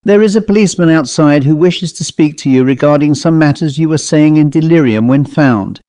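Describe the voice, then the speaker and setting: A man's voice: fairly high pitch, animated, moderate pace, no room sound, close to an everyday voice. Man voicing a friendly hospital nurse. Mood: gentle. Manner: gentle, becoming formal.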